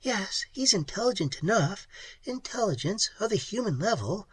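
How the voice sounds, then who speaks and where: A reader doing an earnest young woman, soft and high. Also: sing-song, normal speed, husky, no room sound. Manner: pleading, questioning, softer and higher than the narration. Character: young woman space traveler, earnest and quick. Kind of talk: audiobook character voice.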